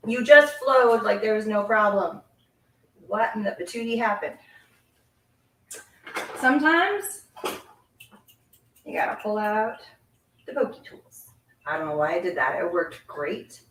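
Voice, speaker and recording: A chatty, giggly middle-aged woman talks her viewers through a craft project while her hands keep busy. Her voice sits at an ordinary pitch and sounds set back from the mic. The home craft room around her adds a noticeable echo. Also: lively intonation, measured pace, long pauses, fairly bright tone, recorded from a distance, a little hiss or hum. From Canada. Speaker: card-making host. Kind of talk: casual live craft demonstration.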